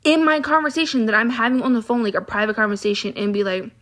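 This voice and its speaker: Young adult woman, casual vlog rant, slightly high voice, blunt and exasperated, filler-heavy. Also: fairly even intonation, quick pace, fairly bright tone. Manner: frank and exasperated, heavy use of "like". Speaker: vlogger.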